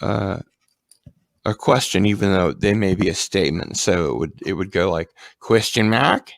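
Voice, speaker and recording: A man's voice: sits low, moderate pace, creaky, no room sound. A man hosting a casual livestream chat, rambling with ums and restarts. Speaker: livestream host.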